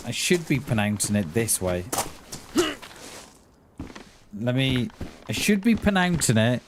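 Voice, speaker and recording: A middle-aged man chatting casually to viewers while streaming a game, calling them "mate" and often restarting his sentences. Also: mid-range voice. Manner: chatty, says "mate" a lot, many restarts. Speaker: livestream gamer. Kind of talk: casual livestream chat. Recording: faint background noise and clicks.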